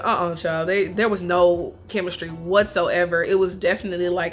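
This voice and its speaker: Young female show reviewer: lively, casual, bright-toned, with soft music behind. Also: lowish voice, normal speed. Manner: chatty and animated, laughs often, slangy asides. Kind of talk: casual chat.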